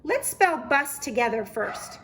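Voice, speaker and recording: A woman preschool teacher giving a lesson and reading a story aloud, speaking slowly, clearly and encouragingly. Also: high voice, big pitch swings, fairly bright tone, a little hiss or hum.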